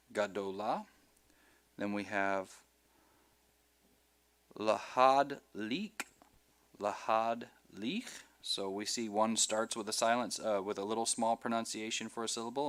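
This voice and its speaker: A man's voice: on the low side, fairly bright tone. A man teaching a Hebrew class over a video call, patiently repeating each word for his students.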